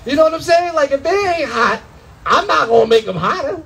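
A young adult man doing a loud, animated stand-up comedy set in a comedy club, full of profanity and acted-out voices. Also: very high voice, brisk, slight background noise, low-quality recording.

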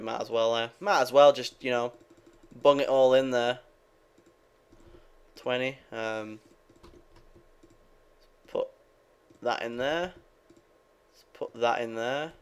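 A man's voice: medium pitch, fairly even intonation, slow pace, pauses often, clear, resonant tone. A young man giving rambling, casual commentary while playing a game, swearing freely and talking to his viewers. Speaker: gaming video creator.

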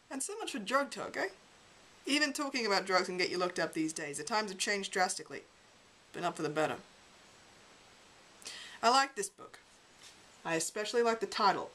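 A woman's voice: on the low side, fairly bright tone, rough recording. A woman reading a memoir aloud as an amateur reader, with a wry, sardonic delivery.

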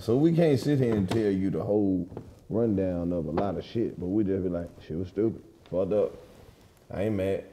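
A man's voice: fairly low pitch, slight background noise. A man co-hosting a comedy podcast, talking bluntly and profanely in casual chat. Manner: blunt, profane, animated when joking. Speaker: podcast co-host.

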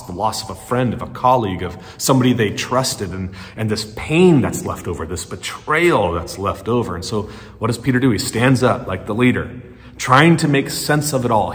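Storytelling male pastor in a reverberant hall. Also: lowish voice. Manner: conversational storytelling, animated, acts out quotes. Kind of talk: sermon. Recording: long church-hall reverb.

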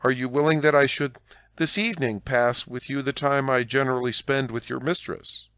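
A man voicing a charming, cunning young soldier who speaks in smooth, flattering tones. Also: medium pitch, normal speed, no echo, clean studio sound, lightly acted. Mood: coaxing.

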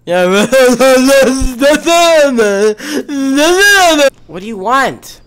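A young man doing gaming commentary, frustrated and swearing as he yells at enemies. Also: sing-song, normal speed. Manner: frustrated, swearing, yelling at enemies, with wild swings in pitch. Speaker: gamer.

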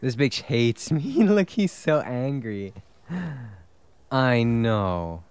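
A man's voice: medium pitch, expressive, takes it slowly, a little mellow, slight background noise. A man streaming a video game, chatting casually, laughing often and swearing freely. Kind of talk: casual gameplay chat.

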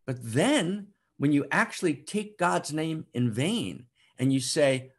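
A man giving impassioned spiritual teaching, emphatic and repetitive, swinging from loud declarations to hushed, slow passages. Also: fairly high pitch, animated. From United States. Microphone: online broadcast to a live chat.

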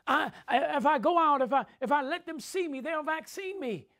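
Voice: high-pitched, moderate pace, fairly bright tone, voice pushed up. A preacher putting on the voice of a fearful, stammering believer who is afraid to leave home. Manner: stammering, pleading.

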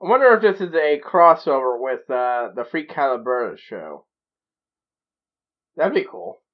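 A man's voice: mid-range voice, sing-song, measured pace, muffled recording. A man hosting a reaction video, talking in a giddy, rambling way full of stammered restarts. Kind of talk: excited reaction commentary.

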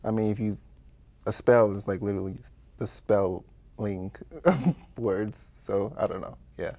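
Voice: deep voice, a little slow, dark tone. A young panelist from the American South, teasing and chiming in during a casual talk. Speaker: media intern, panelist.

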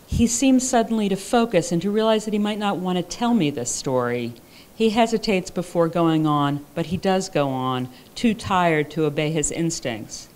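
A woman's voice: fairly low pitch, expressive, unhurried, a little mellow. A woman author reading her own fiction aloud at a live writers' conference, in a dry, wry first-person voice.

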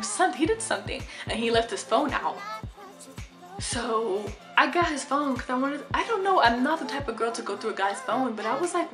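A young woman in a casual storytime vlog, chatty and animated, swearing freely. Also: a little high, reverberant. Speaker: vlogger.

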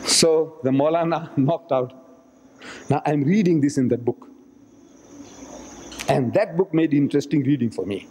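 A man's voice: on the high side, measured pace, pauses often, darkish tone, a little hiss or hum. A man giving a religious lecture as a dramatic storyteller in a mosque, acting out the speakers he quotes. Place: mosque hall. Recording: echoey hall archive recording.

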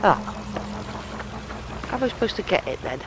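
Excitable woman swearing at a game. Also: mid-range voice, normal speed, background noise. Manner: excitable, mutters and swears to herself. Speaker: let's play gamer. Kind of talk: gameplay commentary.

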